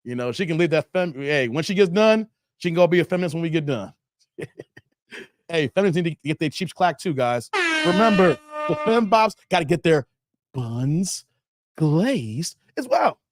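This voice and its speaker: A man's voice: on the high side, lively intonation, moderate pace, background noise. A man hosting a casual livestream who reads out viewer comments, jokes loosely and laughs often. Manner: loose, joking, laughing often, drops into mock voices. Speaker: livestream host.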